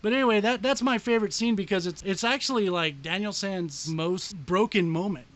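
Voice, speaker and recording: A man co-hosting a podcast, describing a favorite scene in excited, profane casual chat. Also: high voice, brisk, highs cut off. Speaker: podcast co-host.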